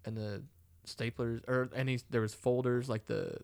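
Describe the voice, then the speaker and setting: Gravelly young man rambling a story. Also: mid-range voice, fairly even intonation, moderate pace, darkish tone. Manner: rambling storytelling, swears often, laughs along. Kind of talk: casual chat.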